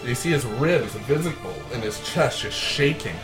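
A man's voice: medium pitch, animated, moderate pace, over music. A man narrating a tabletop game as game master, in vivid, gory detail.

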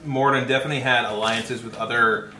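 A man's voice: medium pitch, steady tone, fairly quick, heavy background noise. A man playing a tabletop game, talking in a laid-back, joking way. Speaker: player. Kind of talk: casual game chat. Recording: echoey room with music.

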